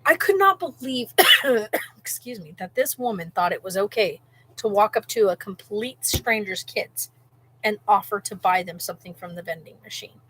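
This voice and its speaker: A woman telling a story in a loose, chatty vlog, piling on "like" and restarting her sentences. Her voice sits at an ordinary middle pitch, and a faint hum runs underneath while she cooks at home. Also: normal speed, poor audio. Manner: rambling and animated, lots of "like" and restarts. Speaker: vlogger. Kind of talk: casual storytelling.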